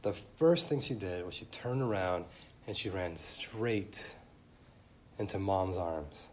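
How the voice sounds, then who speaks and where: A man in his thirties preaching a sermon as pastor, animated, speeding up and slowing down and rising to loud emphatic peaks. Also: sits low, slight background noise. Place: church.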